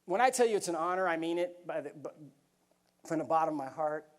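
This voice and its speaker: A middle-aged man speaks from a conference stage in a fairly high voice. He tells stories in an earnest, folksy way and talks to the crowd like neighbors. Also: expressive, quick pace. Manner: storytelling, earnest and folksy, addresses crowd as y'all. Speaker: keynote speaker. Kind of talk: motivational speech. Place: conference hall.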